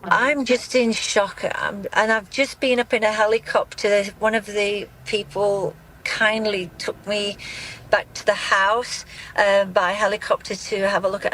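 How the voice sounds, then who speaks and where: A middle-aged woman giving a live news interview as a grieving mother, speaking in a halting, shaken way with many restarts. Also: medium pitch, fairly bright tone, a little hiss or hum, rough recording.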